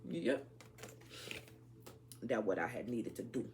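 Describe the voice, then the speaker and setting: A woman's voice: extremely low pitch, animated, slow, noisy background. A woman hosting a casual tarot reading, talking straight to her viewers in a blunt, slangy, profane way. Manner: talks straight to viewers as y'all. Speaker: tarot reader.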